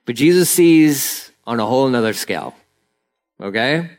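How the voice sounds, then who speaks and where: A man preaching a sermon, retelling a Bible story in a loose, animated way and acting out the people's lines with rambling asides. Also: mid-range voice, moderate pace. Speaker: pastor.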